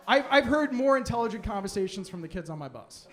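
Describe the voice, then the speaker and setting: A man's voice: high voice, lively intonation, fast, hardly any pauses, a bit bright. A young man doing a stand-up set in a comedy club, sarcastic and brash as he fires back at a heckler. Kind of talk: stand-up set with crowd work.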